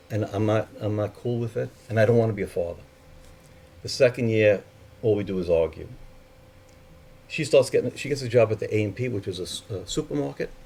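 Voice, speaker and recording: A man's voice: fairly low pitch, warm tone, slight background noise. A man telling a personal story in a candid, profane way, acting out the voices of the people in it.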